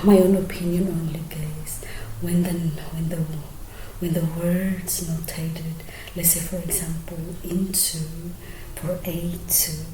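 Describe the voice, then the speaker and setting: A woman explaining her singing technique in a soft, often half-whispered, hesitant way with many fillers. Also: fairly low pitch, background noise. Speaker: singing teacher. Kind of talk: casual singing tutorial. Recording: roomy echo.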